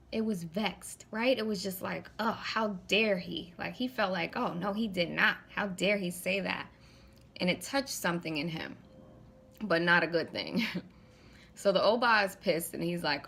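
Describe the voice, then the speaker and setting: A woman's voice: lowish voice, fairly bright tone. A woman vlogging, retelling a spiritual story in a casual, conversational way, often checking in with the viewer.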